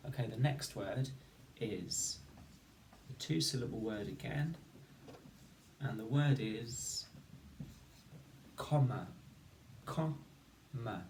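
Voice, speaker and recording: A male teacher giving a patient phonics lesson, slowly sounding out each word and syllable. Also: medium pitch, darkish tone. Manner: slow, patient, sounding out words. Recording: roomy, distant mic with faint noise.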